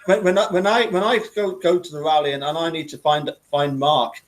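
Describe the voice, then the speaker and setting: A man in casual conversation who talks haltingly, often repeating words as he goes. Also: fairly high pitch, steady tone. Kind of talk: casual chat.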